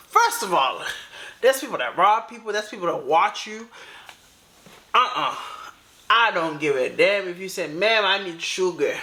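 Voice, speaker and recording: Lively, bright woman scolding the viewers. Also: fairly low pitch, measured pace, pauses often. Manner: emphatic, opinionated, scolding the viewers. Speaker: reaction channel host. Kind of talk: reaction commentary.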